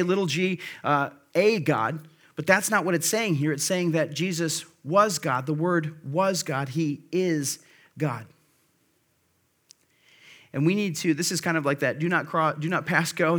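A pastor preaching a sermon in a conversational way, with fillers and restarts, slowing and dropping quiet to stress key phrases. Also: male voice, on the high side. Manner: drops to a slow, quiet emphasis on key phrases.

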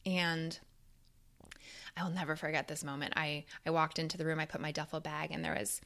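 A young woman with a slightly low voice tells her own life story in a candid, casual way. She speaks with open emotion and plenty of fillers, and now and then she swears. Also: level tone, a little fast, vocal fry, a bit bright.

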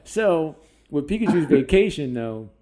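A man hosting a casual podcast chat, swearing freely and breaking into animated comic impressions as he tells stories. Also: on the high side, measured pace, over a noisy crowd.

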